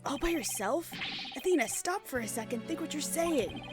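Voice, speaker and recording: A woman's voice: sits high, lively intonation, normal speed, over music. A woman voicing a young male lawyer who puts on a brave face, in her own voice. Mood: bravado.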